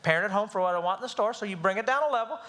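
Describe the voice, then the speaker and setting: A middle-aged man teaching a live church parenting class, animated and acting out whiny children's voices. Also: high-pitched, racing.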